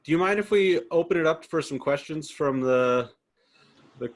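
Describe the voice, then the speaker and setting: A man's voice: on the high side, lively intonation, normal speed. Man hosting, coaxing questions. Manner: encouraging, coaxing the audience to ask. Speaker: host. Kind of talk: moderating a masterclass.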